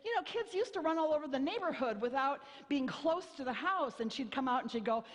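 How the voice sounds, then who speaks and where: A woman's voice: high voice, lively intonation, brisk. A woman pastor in her fifties preaching a sermon, telling stories in a wry, self-mocking way and acting out voices. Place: church sanctuary. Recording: long hall reverb.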